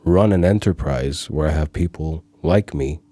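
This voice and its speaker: Un hombre de Chipre, locutor invitado en una entrevista de pódcast, que habla con seguridad y calma. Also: male voice, extremely low pitch, normal speed, no echo. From Cyprus. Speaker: guest, voiceover artist. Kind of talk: casual podcast interview.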